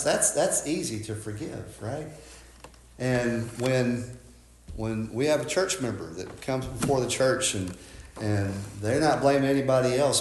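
A man's voice: mid-range voice, roomy sound, slight background noise. A man preaching a sermon as a pastor, conversational and folksy, often asking "right?" and restarting his words.

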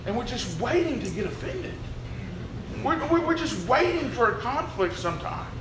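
A man preaching a sermon, swinging between shouts and hushed tones. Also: very high voice, big pitch swings, moderate pace. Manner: shouts and drops to a hush, preacher cadence. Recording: echoey room with faint noise.

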